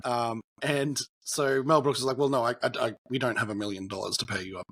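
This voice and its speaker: A man's voice: medium pitch, fairly even intonation, fairly quick, fairly bright tone. A young man co-hosting a podcast, chatting loosely about a film and telling stories behind it with lots of fillers. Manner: rambling, storytelling, many fillers. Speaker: podcast co-host. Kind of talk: casual film chat.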